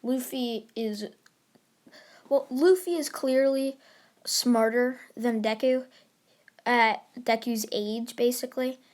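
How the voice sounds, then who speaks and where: A woman telling a made-up story in a casual, rambling way, filling her sentences with "like" and "basically" and mixing quick bursts of words with slow pauses. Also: fairly high pitch. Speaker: anime fan storyteller.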